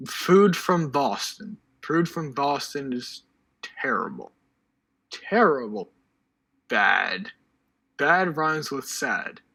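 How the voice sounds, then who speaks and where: A man's voice: mid-range voice, very animated, very slow, gravelly, pauses often, bright, forceful tone, husky, rough recording. A teenage boy co-hosting a live stream, quizzing and joking in loose, rambling banter. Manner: joking, rambling word associations. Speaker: podcast co-host.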